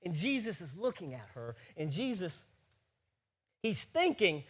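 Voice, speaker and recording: A man preaching a sermon as pastor, animated and often checking in with listeners with a quick question. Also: sits high, slightly rough. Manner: animated, keeps checking in with the audience with "right?".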